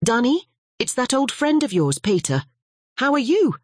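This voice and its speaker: A narrator voicing a restless male lawyer bantering with an old friend in brisk, friendly talk. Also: mid-range voice, big pitch swings, no room sound, studio quality, pitched above the performer's own voice. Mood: eager.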